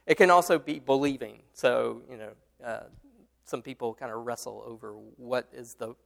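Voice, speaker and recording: A man's voice: mid-range voice, normal speed, vocal fry. A man leading a Bible study discussion, explaining a passage with many fillers and restarts and answering his students. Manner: explains patiently, responds to students.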